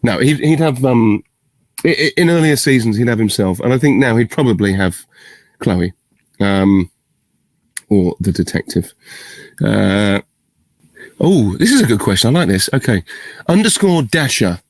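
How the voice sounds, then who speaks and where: A man's voice: on the low side, lively intonation, measured pace, long pauses, dry recording. A middle-aged man, answering fan questions in a casual video Q&A and thinking aloud in rambling, self-interrupting, good-humoured talk. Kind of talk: casual virtual Q&A. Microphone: video call.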